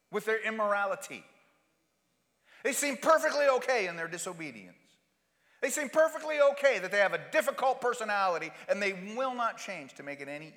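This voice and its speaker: A man's voice: sits high, fairly bright tone, in a large hall. A male pastor preaching a sermon, asking rhetorical questions and hammering points home through repetition.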